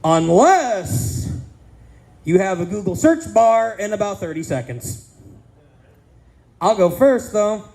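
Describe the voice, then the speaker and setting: A man's voice: high voice, very animated, slow pace, long pauses, a little mellow, poor audio. A man in his thirties doing a crude, self-deprecating stand-up comedy set with punchy delivery on a casino stage. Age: 30s.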